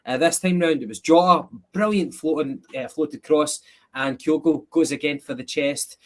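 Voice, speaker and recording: A man with a Scottish accent hosting a football match review podcast, measured and a little hesitant. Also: fairly high pitch. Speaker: podcast host.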